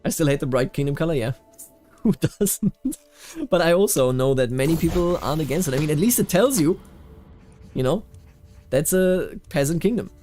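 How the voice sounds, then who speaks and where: A man from Bavaria chats his way through a strategy game, voice sitting a bit high. He rambles, repeats himself and breaks off to react to what happens on screen. Soft music plays faintly behind him. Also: lively intonation, normal speed, long pauses. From Bavaria, Germany. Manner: rambling, reacts aloud to the game, frequent fillers and restarts. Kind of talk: casual gameplay commentary.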